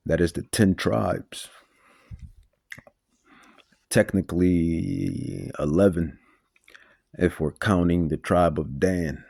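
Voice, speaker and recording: A male preacher delivers a Bible teaching sermon in a very low, gravelly voice. He talks slowly and emphatically, repeating himself and restarting phrases. The sound is dark and dry. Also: fairly even intonation, dry recording. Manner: emphatic, repetitive, stumbling restarts.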